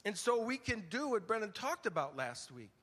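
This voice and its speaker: Older guy preaching, kinda high voice, goes loud then real hushed, long church echo. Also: normal speed. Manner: animated, swings from loud emphasis to hushed near-whispers; storytelling, conversational preaching. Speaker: pastor. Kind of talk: sermon.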